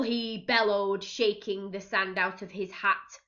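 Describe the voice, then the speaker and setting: A woman's voice: mid-range voice, steady tone, slow pace, bright, forceful tone, dull audio. A woman teaching young children, reading a picture book aloud expressively, gasping and asking them questions as she goes. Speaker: reception teacher.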